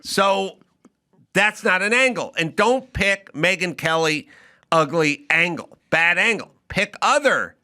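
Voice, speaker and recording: Blunt, bright-voiced middle-aged male host. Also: high-pitched, slow pace, no room sound, clean studio sound. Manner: blunt, profane ranting. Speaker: podcast host. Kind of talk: casual comedy podcast chat.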